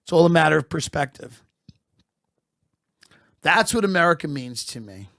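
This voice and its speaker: A man delivering a satirical comedic monologue in a mock-patriotic, deadpan manner that swells into shouted bursts. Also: a little high, moderate pace, creaky, no room sound, studio quality.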